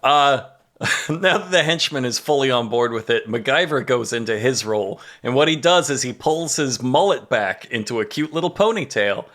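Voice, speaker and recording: Bright-voiced man recapping with disbelief. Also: medium pitch, animated, moderate pace. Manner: storytelling, incredulous, profane. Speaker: comedy podcast panelist. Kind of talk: casual comedic recap.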